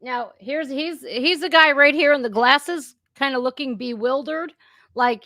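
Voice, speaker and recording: Brief: woman reaction host, slightly high voice, indignant and conversational, dry close sound. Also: unhurried, pushed and bright, no echo. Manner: indignant, conversational, addresses viewers directly. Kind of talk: impromptu live stream commentary.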